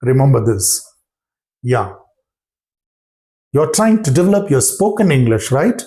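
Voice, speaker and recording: A man teaching a spoken-English lesson to his students, talking deliberately and often checking in with short questions and praise. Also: mid-range voice, big pitch swings, dark tone.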